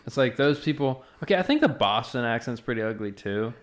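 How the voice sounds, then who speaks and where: A man's voice: medium pitch, animated, a little fast. Easygoing Southern man in casual chat. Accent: American Southern. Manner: easygoing, agreeable. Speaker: podcast co-host.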